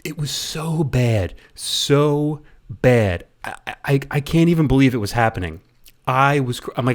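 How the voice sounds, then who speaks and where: A man's voice: medium pitch, animated, normal speed. A man reviewing a movie in a casual rant, rambling and often stumbling over and repeating his words.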